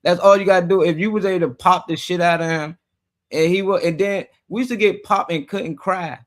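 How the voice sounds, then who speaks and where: A man speaks his mind in a casual morning show chat. His voice sits fairly high for a man, and his delivery is blunt, profane and emphatic. He talks as a parent. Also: steady tone, a little fast. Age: adult with children.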